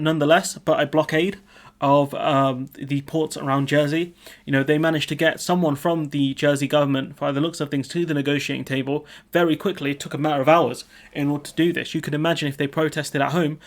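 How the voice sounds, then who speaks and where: Opinionated young man commenting on news. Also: fairly high pitch. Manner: opinionated, informal, frequent fillers.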